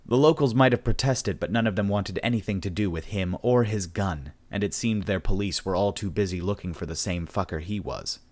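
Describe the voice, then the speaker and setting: Male narrator, very deep voice, steady measured storytelling, sci-fi audiobook.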